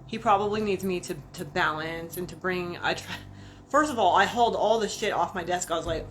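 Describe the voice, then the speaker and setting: Woman, low voice, rambling livestream chat, swears freely, faint hum behind. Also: fairly quick, fairly bright tone. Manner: rambling, profane and chatty; talks to viewers as friends. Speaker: vlogger.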